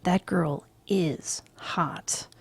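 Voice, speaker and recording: A woman voicing a crude, blustery young yuppie man who often drops to a hush. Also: lowish voice, very slow, slightly rough, no echo, in a whisper, heavily acted.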